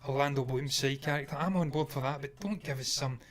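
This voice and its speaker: Speaking fast at a medium pitch, a man co-hosts a laid-back movie news chat. His delivery is opinionated and emphatic, with laughter coming readily.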